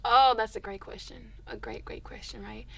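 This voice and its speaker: A young woman, a singer telling stories in a casual interview, expressive and animated. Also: medium pitch, moderate pace, creaky. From Dallas, Texas.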